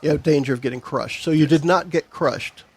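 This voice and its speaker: A man running a tabletop game for friends around a table, relaxed and laughing, with many fillers. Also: a little high, brisk, husky. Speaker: game master. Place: shed with a group at a table.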